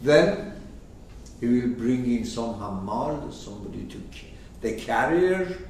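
A man explaining a poem to his class, slow and emphatic, often putting questions to his listeners. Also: mid-range voice, expressive, darkish tone, slight background noise. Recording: echoey room, mic far off.

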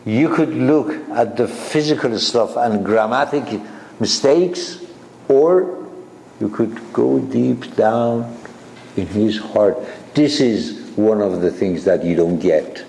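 A man teaching a class on a spiritual text, talking slowly in short halting phrases and asking his listeners questions, with English as a second language. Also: lowish voice, vocal fry, mellow, reverberant, poor audio. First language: not English.

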